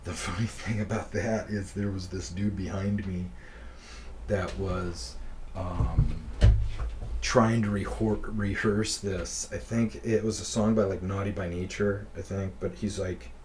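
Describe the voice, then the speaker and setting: A man's voice: low-pitched, steady tone, a little slow, noisy background. A middle-aged man from Wisconsin, telling a story casually, rambling and swearing freely. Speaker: podcast host.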